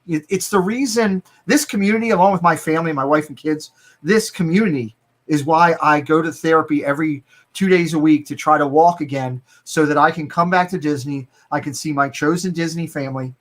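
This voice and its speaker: A man's voice: on the high side, brisk. Earnest man with a Baltimore accent. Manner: earnest, heartfelt, repeats words. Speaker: guest. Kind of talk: casual chat on a live stream.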